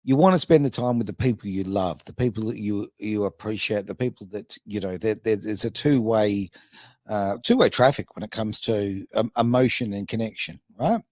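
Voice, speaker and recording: A man's voice: lowish voice, moderate pace, a little mellow, no room sound, studio quality. A man, hosting a casual podcast chat, talking in a chatty, self-mocking way with lots of fillers. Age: 50s. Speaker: radio podcast host.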